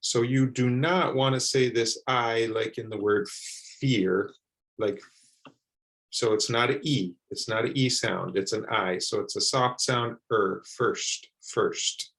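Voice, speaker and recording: A man teaching English pronunciation, repeating words slowly and carefully for learners. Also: mid-range voice, fairly bright tone, rough recording. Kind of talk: slow, deliberate pronunciation lesson.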